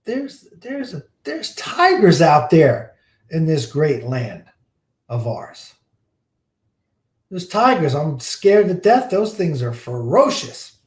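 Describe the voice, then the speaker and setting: A man's voice: a little high, very animated, slow pace, roomy sound. A man voicing a timid, fearful male mouse that pleads anxiously, as an acted quote in a teaching story. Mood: terrified.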